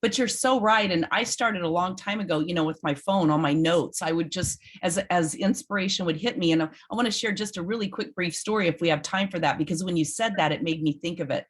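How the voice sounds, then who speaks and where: A woman in her fifties, a business coach guest, telling a personal story in a conversational interview. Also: on the low side. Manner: animated storyteller, emotional when recounting.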